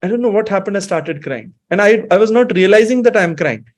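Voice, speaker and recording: A man in his thirties from Himachal with an Indian English accent, sharing a personal devotional story in a reflective, emotional and halting way. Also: high-pitched, lively intonation. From Himachal Pradesh, India. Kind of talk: personal testimony, mixing English and Hindi.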